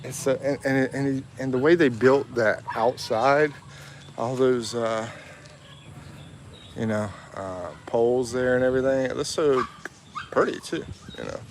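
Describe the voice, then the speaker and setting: A man's voice: medium pitch, measured pace, slight background noise. A man on a casual live walking vlog, chatting, reading viewer comments aloud and laughing often. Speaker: livestream vlogger. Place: outdoors in a town.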